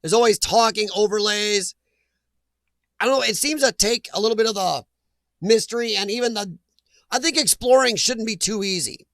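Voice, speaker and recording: A man's voice: sits high, normal speed, a bit bright, no echo. A man hosting a casual live chat, reading viewer names aloud and laughing often. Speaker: livestream host reading chat.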